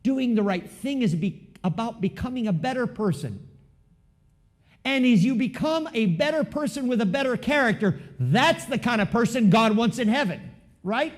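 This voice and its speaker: A man preaching to his congregation in a high, very lively voice. He keeps it conversational and keeps asking the room questions. He swings between loud emphasis and hushed asides. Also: normal speed. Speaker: pastor. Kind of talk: sermon.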